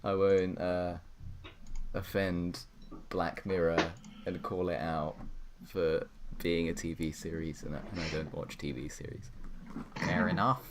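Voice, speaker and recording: A man's voice: low-pitched, little pitch movement, measured pace, background noise. A young man hosting a podcast over an online call, rambling and self-correcting as he hands out jokey awards. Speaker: podcast host presenting awards. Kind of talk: casual chat on an online call.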